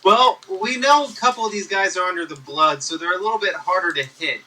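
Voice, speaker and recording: Tabletop player, bright airy tone, heard a little far from the mic. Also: male voice, high voice, a little fast. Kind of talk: casual tabletop play.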